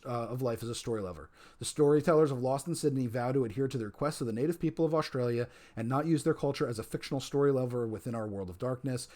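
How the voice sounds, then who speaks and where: A man's voice: mid-range voice, a little mellow. A man streaming casually, talking through the rules of his role-play server, rambling and repeating key points for emphasis. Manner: rambling, repeats points for emphasis, reads chat messages aloud. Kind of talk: casual livestream chat.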